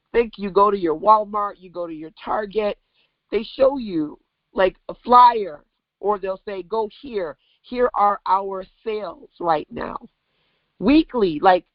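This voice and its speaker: A woman's voice: medium pitch, no echo. Woman business coach, dull lo-fi call audio, dry close sound, punchy rhetorical questions. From Brooklyn, New York. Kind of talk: online workshop teaching.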